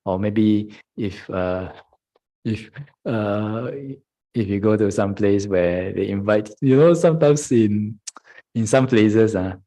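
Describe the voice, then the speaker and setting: Through a rough recording, a Buddhist monk with a warm, lowish voice speaks slowly in a meditation dharma talk. He keeps chuckling, plays out what his students say in their own voices, and checks in with "huh?".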